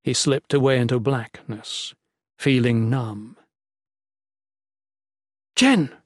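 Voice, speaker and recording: A man narrating a fantasy audiobook in a steady, even voice of middle pitch. The sound is close and dry, with no room around it. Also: moderate pace, no room sound.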